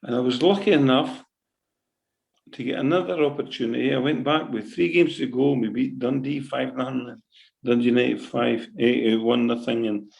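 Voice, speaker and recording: A man's voice: medium pitch, moderate pace, vocal fry, rough recording. A middle-aged Scottish man, a football manager, telling an emotional story in an interview, repeating himself and often checking in with "right?". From Scotland. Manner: animated, repetitive, keeps asking "right?".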